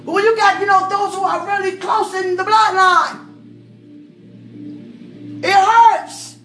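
A woman giving a casual spoken faith testimony, emphatic and swinging from soft musing to loud outbursts. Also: extremely high pitch, steady tone, slow pace. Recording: roomy echo with music behind.

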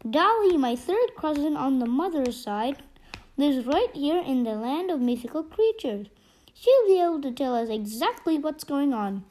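Give me a woman playing a courteous, chatty pixie fellow from a storybook, light and fairly high. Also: very animated, moderate pace, dark tone. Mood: eager. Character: chatty, helpful male pixie. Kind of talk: storybook reading.

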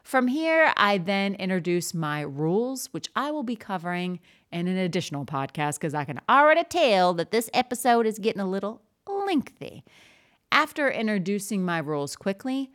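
A woman who teaches art, hosting a casual podcast and talking in a chatty, animated way as she acts out her classroom routines. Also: lowish voice. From Southern US. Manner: chatty, animated, demonstrates classroom call-and-response.

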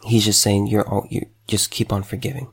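A man's voice: lowish voice, steady tone, brisk, vocal fry, slightly rough. A man speaking emotionally to the camera, stammering and repeating words as he struggles to hold back tears. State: choked up, fighting back tears. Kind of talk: emotional direct-to-camera commentary.

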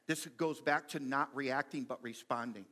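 A man preaching a sermon in a lively, conversational way, reading quotes and making asides to the congregation. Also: mid-range voice, normal speed. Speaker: pastor.

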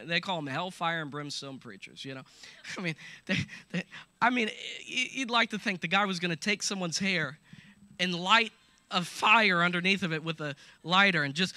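A man preaching a sermon, animated and joking, laughing between points and calling out to his listeners. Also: sits high, moderate pace, no echo. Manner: animated, laughing asides, call-and-response. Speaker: pastor.

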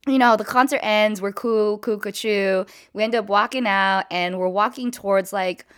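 Speaking at medium pitch and a normal speed, this smooth-voiced young woman vlogs a casual storytime about a crazy night out. Her account is lively and talkative, skipping between moments and filled with "like" and "you know."

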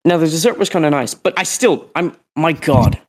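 A teenage boy with a fairly high voice rambles through a story in casual podcast chat. He acts out the people he quotes as he goes. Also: lively intonation, moderate pace. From Northern Ireland. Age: teens. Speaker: podcast co-host.

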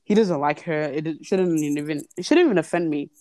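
Guesting on a podcast, a young woman swaps stories in a relaxed chat, animated and cursing freely. Her low, mellow voice moves a little fast, captured with studio quality and no echo.

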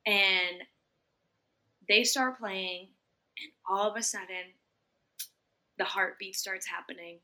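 A young woman co-hosting a podcast tells a story in chatty, casual talk, swearing freely and acting out her own panicked inner voice. Her medium-pitched voice is fairly even in intonation but sharp in tone, and she talks slowly with frequent pauses.

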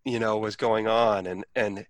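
A man's voice: on the low side, steady tone, unhurried, no echo. A man telling a personal story in casual conversation, rambling with many restarts and acting out quoted speech.

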